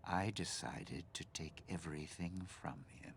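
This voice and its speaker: A man's voice: fairly even intonation, a little slow, slight background noise. An actor voicing a bitter, scheming older man in a video game, speaking in a menacing drawl. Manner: low gravelly menacing drawl.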